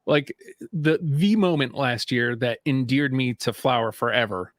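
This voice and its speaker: A man's voice: mid-range voice, measured pace, no room sound, studio quality. A man co-hosting a casual sports podcast, laid-back and blunt, laughing easily. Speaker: podcast co-host.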